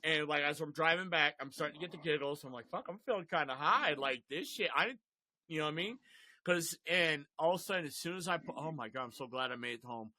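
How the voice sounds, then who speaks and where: A man's voice: a little high, fast talker, pushed and bright, no echo. A young man hosting a casual chat, telling a wild story with lots of swearing and laughter. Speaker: podcast host.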